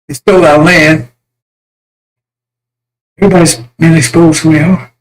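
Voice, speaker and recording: Fiery high-voiced male preacher. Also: flat delivery, normal speed, poor audio. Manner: fiery, crude, mocking. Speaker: self-styled religious messenger. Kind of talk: impassioned religious rant.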